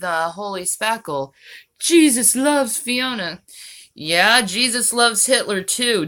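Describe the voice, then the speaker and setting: Woman vlogger answering comments, sarcastic and mocking, with an unhurried, pointed delivery. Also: mid-range voice, bright, forceful tone. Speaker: channel host. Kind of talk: vlog reacting to viewer comments.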